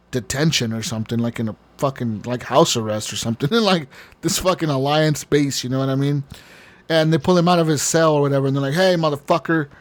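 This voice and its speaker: Profane rambling man recapping a game. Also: fairly high pitch. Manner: rambling, profane, laughs often. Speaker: podcast co-host. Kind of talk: casual chat.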